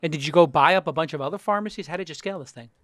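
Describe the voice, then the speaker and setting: Brief: animated male host, fairly high voice, dry close sound. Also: racing, dry recording. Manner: animated storyteller, acts out quotes. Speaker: podcast host. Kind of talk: casual interview chat.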